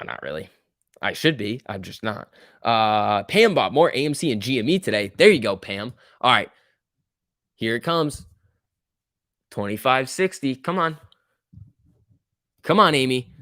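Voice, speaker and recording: A man's voice: medium pitch, animated, moderate pace, a bit bright, dry recording, clean studio sound. A young man hosting a casual stock-market live stream, reading viewer comments aloud and cheering the chart on. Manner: chatty, reacts to chat and price moves, cheering the chart on. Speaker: stock market livestream host.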